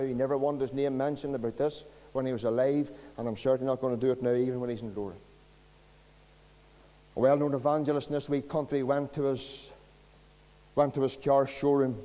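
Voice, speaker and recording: A man with a Northern Irish accent preaches a sermon as pastor, with a folksy, storytelling delivery. His voice sits at a middling pitch. The sound carries a long church reverb. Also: mellow.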